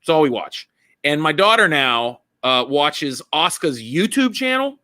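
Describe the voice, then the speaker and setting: Excitable male comedian guest, high and bright, eager storyteller. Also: a little slow, no echo, clean studio sound. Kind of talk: casual chat.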